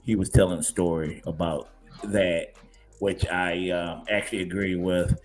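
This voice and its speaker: A man's voice: low-pitched, measured pace. A man hosting a casual podcast chat, telling a story with laughs and restarts, with faint music behind. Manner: animated storyteller, laughs often, many restarts. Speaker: podcast host.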